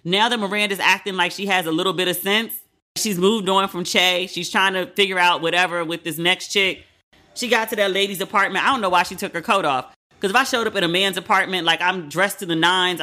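A man's voice: high voice, sharp tone. A man hosting his own podcast, talking candidly and animatedly in casual solo commentary, with frank, profane asides. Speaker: podcast host.

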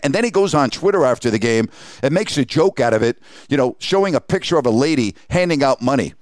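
A man's voice: fairly high pitch, dry recording, clean studio sound. A male sports radio host delivering an indignant, emphatic rant full of rhetorical questions.

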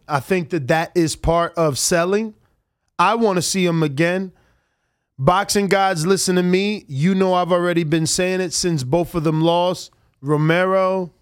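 A man co-hosting a casual boxing talk show, chatting in an animated, conversational way. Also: high voice, clear, resonant tone, dry recording, clean studio sound. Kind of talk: casual sports chat.

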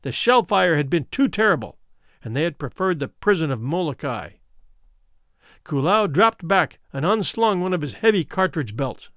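Male story narrator, dramatic and expressive, slightly high voice, very lively pitch. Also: normal speed, no echo, studio quality. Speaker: audiobook narrator.

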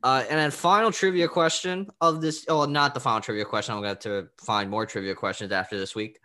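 A man's voice: medium pitch, steady tone, fast, sharp tone. A man co-hosting a casual sports podcast over a video call, upbeat and teasing. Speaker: podcast co-host.

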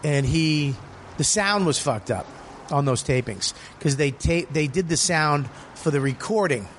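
A man, a comedian hosting a podcast, telling a story in casual, profane, animated chat from a cigar lounge. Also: on the high side, a little slow, a little hiss or hum. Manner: profane, animated, acts out quoted people. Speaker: podcast host.

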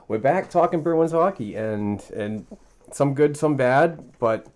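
A man's voice: mid-range voice, lively intonation, slow, a little mellow. Chatty New England man hosting a podcast. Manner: loose and chatty, with repeated restarts. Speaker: podcast host. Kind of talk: casual sports chat. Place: home podcast studio.

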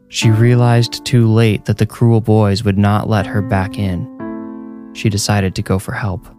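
Haunted mother, low hushed telling, a man doing her, music under it. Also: natural voice. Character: worried mother, adult woman, haunted by her past.

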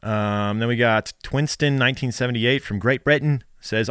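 A male podcast co-host in casual chat, reading sponsor spots and listener reviews in a relaxed, rambling way with fillers. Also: mid-range voice, moderate pace, clear, resonant tone, dry recording, studio quality.

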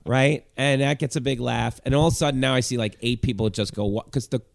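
A male comedian telling a story on a podcast, animated and acting out the people in it. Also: medium pitch, fast talker, creaky.

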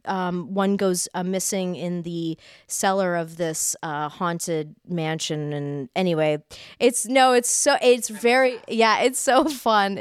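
A woman's voice: medium pitch, clear, resonant tone, dry recording, studio quality. A woman guest in casual chat, bubbly and gushing, laughing often.

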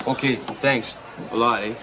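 An actor playing a dim-witted Canadian hoser brother who hosts a TV show, talking haltingly with lots of "like" and "eh". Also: male voice, medium pitch, fairly even intonation, a loud crowd, heavy background noise, natural voice. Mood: nervous. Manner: halting, sprinkles "like" and "eh". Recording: archive TV clip with loud audience.

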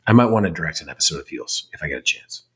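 A man's voice: rumbling low, expressive, very fast. A man in casual chat answering fan questions, rambling and candid, swearing now and then. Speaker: podcast host, actor.

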